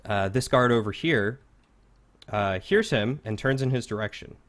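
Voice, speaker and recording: A man's voice: on the low side, moderate pace, fairly bright tone. A man narrating a tabletop game as game master, in a casual, filler-heavy manner.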